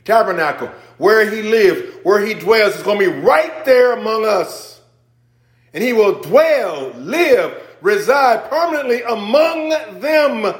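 Preacher, man, fairly high voice, dynamic delivery from hushed to loud, echoey sanctuary. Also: expressive, takes it slowly. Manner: dynamic preaching, swinging from hushed to near-shouting; informal, conversational asides with the congregation. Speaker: pastor. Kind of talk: sermon. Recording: echoey church room.

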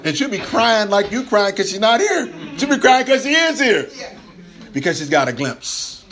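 A male pastor with a high voice preaches at a moderate pace in a loose, conversational style. He is animated, laughs often, and keeps restarting his phrases.

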